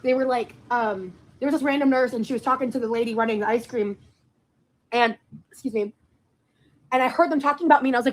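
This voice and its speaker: A woman's voice: on the high side, fast talker, no room sound. Woman vlogger, casual rambling storyteller, many ums. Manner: rambling, lots of fillers.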